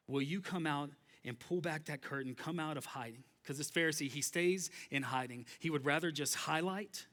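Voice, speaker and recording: A man's voice: on the high side, sharp tone. A young adult male pastor preaching a sermon in a conversational way, with frequent restarts and fillers.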